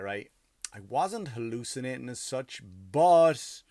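A man's voice: medium pitch, no echo. A tired man, a comedian, telling a story in a casual, profane, ranting monologue.

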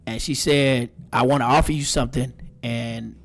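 A man's voice: medium pitch, normal speed. A man hosting a podcast, telling his radio career story in casual chat and acting out what people said. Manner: animated, acts out quotes. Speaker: podcast host, radio personality.

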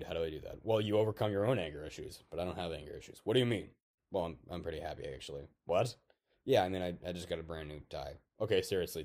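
A bitter, volatile artificial toy man, played by a man, rambles through a dark comic monologue. His voice sits deep with a dark, mellow tone. He swears constantly and lurches between low mutters and sudden shouts.

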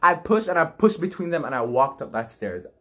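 Blunt animated young man, husky voice. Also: on the high side, a little fast. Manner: blunt, laughs easily, animated storytelling. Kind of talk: casual chat.

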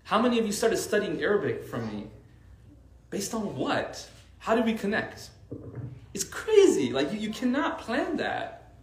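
A man's voice: high voice, a little slow, reverberant. A man who teaches Arabic, giving a casual religious talk to a faith circle and telling stories with lots of "like" fillers. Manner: animated storytelling with many "like" fillers.

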